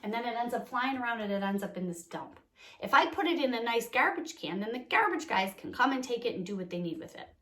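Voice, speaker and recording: A young woman teaching a remote lesson to small children, cheerful and encouraging, speaking slowly and clearly. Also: a little high, lively intonation, fairly bright tone. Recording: echoey room.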